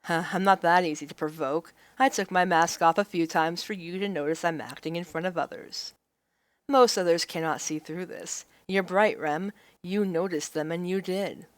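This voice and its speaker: A woman's voice: lowish voice, normal speed, no echo, voice pushed down, lightly acted. A woman voicing an arrogant, manipulative young male noble with cold, domineering threats, reading a visual novel aloud.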